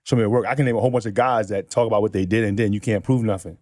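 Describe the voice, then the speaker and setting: A middle-aged man from New City, telling animated stories in casual chat and acting out other people's lines with lots of laughter. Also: fairly low pitch, racing, no echo, studio quality. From New York City. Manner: animated storyteller acting out quotes, laughs often. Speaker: podcast guest.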